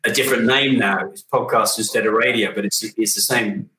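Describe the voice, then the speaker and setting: Male host, middle-aged, bright but low-pitched, hesitant, roomy far recording. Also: fairly even intonation, brisk. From United Kingdom. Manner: hesitant, many fillers. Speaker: podcast host. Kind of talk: casual chat. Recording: roomy, distant from mic.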